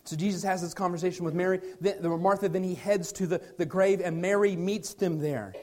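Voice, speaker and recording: A man in his thirties preaching a sermon, earnest, moving between loud emphasis and soft, hushed lines. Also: high voice, steady tone, brisk. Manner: earnest, shifts from loud stress to quiet near-whispers. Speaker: pastor.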